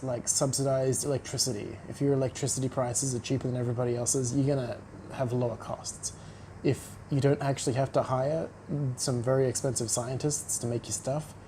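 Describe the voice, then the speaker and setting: A man's voice: mid-range voice, dark tone, a little hiss or hum, rough recording. A man ranting casually to camera as a vlogger, blunt and sarcastic. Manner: blunt, sarcastic, mocking voices.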